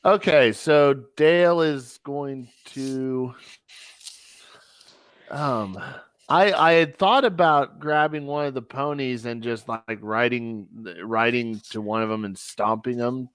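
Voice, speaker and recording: A man playing a tabletop role-playing game, slow and hesitant, thinking aloud about his moves. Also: medium pitch, fairly bright tone, smooth, no echo. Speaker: player. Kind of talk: tabletop game play over voice chat.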